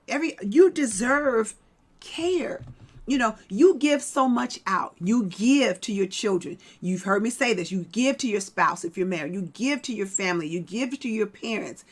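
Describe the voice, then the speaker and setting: A woman's voice: on the high side, a bit bright. A middle-aged woman hosting a vlog, giving an emphatic motivational talk to her viewers and repeating her key points. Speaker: vlog host.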